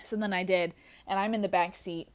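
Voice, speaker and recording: A young adult woman tells a story casually, candid and animated. She swears freely and laughs at her own expense. She has had a few drinks. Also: medium pitch, fairly quick. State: drinking while talking.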